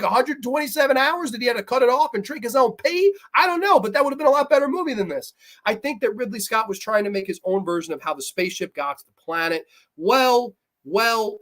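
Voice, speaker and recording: A young man hosting a livestream film review, reading chat comments and ranking films in blunt, profane, animated talk. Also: extremely high pitch. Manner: blunt, profane, animated, laughs often, mocks characters in put-on voices. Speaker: host.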